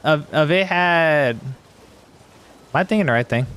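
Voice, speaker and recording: A man's voice: fairly high pitch, animated, a little slow, fairly bright tone, clean tone. A male streamer chatting casually while playing, rambling and swearing as he talks to his chat.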